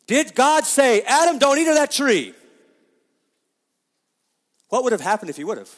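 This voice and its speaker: A man's voice: extremely high pitch, very animated, moderate pace, in a large hall. A middle-aged man preaching a sermon as pastor, emphatic and often asking his congregation questions.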